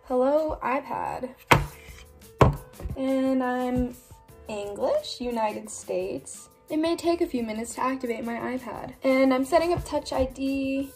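A young woman with a fairly high voice talks her way through an unboxing at home. She is chatty and excitable and pokes fun at herself. Soft music plays faintly behind her. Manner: chatty, excitable, self-deprecating. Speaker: vlogger. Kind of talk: casual unboxing vlog. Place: home workspace.

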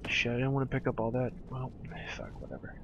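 A man casually commenting on his gameplay, swearing, muttering to himself and yelling at his companion. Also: mid-range voice, very animated, fast, creaky, dull audio, noisy background. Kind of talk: casual let's play commentary.

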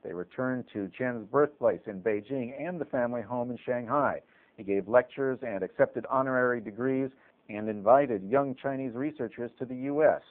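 A man narrating a documentary in an even, informative scripted delivery. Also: mid-range voice, normal speed. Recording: tinny phone-like sound.

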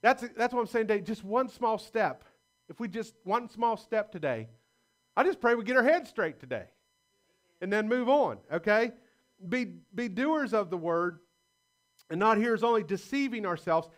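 A man's voice: high-pitched, lively intonation, normal speed. A man preaching a sermon as pastor in a church, in a folksy style with stories and laughs. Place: church sanctuary.

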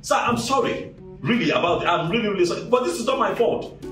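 A man's voice: high-pitched, lively intonation, fairly quick, fairly bright tone, reverberant, recorded from a distance, faint music behind. An actor with a Nigerian English accent playing Derek, a cocky young office playboy who pleads with his boss and scolds his girlfriend. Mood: pleading. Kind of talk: Nollywood film acting.

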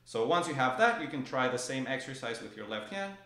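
A man's voice: medium pitch, animated, fairly quick, few pauses, loud music behind the voice. A man teaching drum technique in an echoey room, his voice ringing off the walls. He explains each motion patiently and calls out stroke names in time as he plays. Drums sound behind him. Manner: calls out stroke names rhythmically while playing. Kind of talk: instructional demonstration. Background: drum playing.

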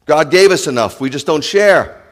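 A male rabbi preaching a sermon to his congregation, impassioned, swinging from loud declarations to hushed asides. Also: a little high, lively intonation, moderate pace, in a large hall. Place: congregation sanctuary.

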